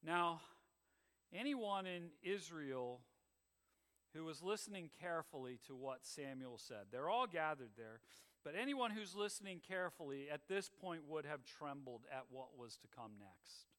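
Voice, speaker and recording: A man's voice: a little high, lively intonation, measured pace, a bit bright, big-room sound. A man preaching a sermon with an emphatic cadence that swells and drops. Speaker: pastor.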